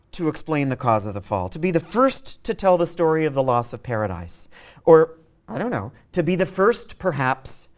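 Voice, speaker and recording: Animated male lecturer with a lively voice. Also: on the high side. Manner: animated, thinking aloud with frequent restarts and repeated words; reads verse aloud and taps out meter with spoken beats. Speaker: literature lecturer. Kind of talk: university lecture.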